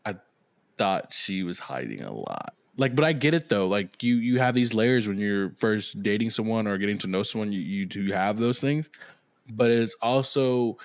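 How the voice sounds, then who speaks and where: A man's voice: lowish voice, expressive, normal speed, no room sound, clean studio sound. A man co-hosting a podcast in casual chat, laid-back, laughing and swearing easily. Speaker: podcast co-host.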